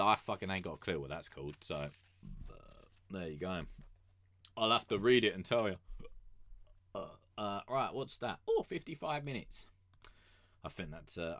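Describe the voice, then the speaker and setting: A man's voice: on the low side, fairly bright tone, no echo. A young man streaming, telling a story casually in a rambling, crude, swear-heavy way. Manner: rambling and crude, swears a lot, with many fillers.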